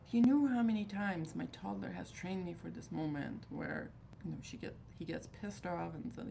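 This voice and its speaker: A woman's voice: fairly low pitch, normal speed, vocal fry, warm tone, slight background noise. A woman in her thirties hosting a livestream, talking in a rambling, candid and exasperated way. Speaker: livestream host of a fragrance group. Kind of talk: casual chat.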